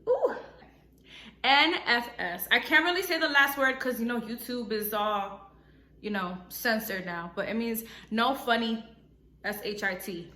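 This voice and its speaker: A young woman with a New York accent, casually explaining slang to her camera in an animated, playful way. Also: a little high, roomy sound. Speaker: vlogger. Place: home room by a ring light.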